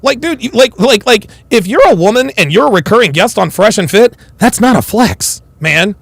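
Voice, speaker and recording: A man's voice: high-pitched, lively intonation, moderate pace, vocal fry, fairly bright tone, no echo. A man hosting a reaction commentary, slangy and swearing, talking over a clip.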